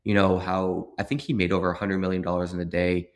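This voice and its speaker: Low-voiced enthusiastic male podcast guest. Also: flat delivery, quick pace. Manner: enthusiastic, anecdotal, heavy use of "like" and "man". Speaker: podcast guest, business owner. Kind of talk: casual conversational interview.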